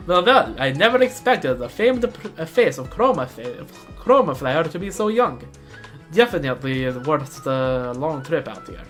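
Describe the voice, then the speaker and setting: A woman's voice: sits low, big pitch swings, normal speed, faint music behind. A woman doing a smug rival designer with a Russian accent. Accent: put-on Russian.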